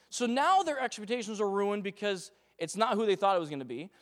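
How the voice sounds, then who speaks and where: High-voiced animated male preacher in a hall. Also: a little fast. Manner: animated, acts out voices of doubting people. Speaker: pastor. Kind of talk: sermon. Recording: long reverb of a church hall.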